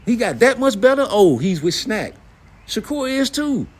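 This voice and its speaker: This middle-aged man hosts boxing commentary and goes on a blunt, cursing, fired-up rant full of rhetorical questions. He speaks at normal speed in a slightly rough voice that sits high.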